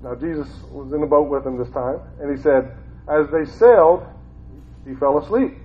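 A man's voice: on the high side, moderate pace. A man from Ohio, a former school teacher, gives an informal Bible talk in a conversational way and often repeats his phrases. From Ohio, United States. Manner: conversational, repeats phrases, grows more fervent. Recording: tinny phone-like sound.

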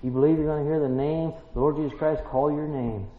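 A man preaching a sermon, emphatic and full of rhetorical questions, building to excited peaks. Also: fairly high pitch, fast. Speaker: pastor. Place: church. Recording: roomy church, dull lo-fi sound.

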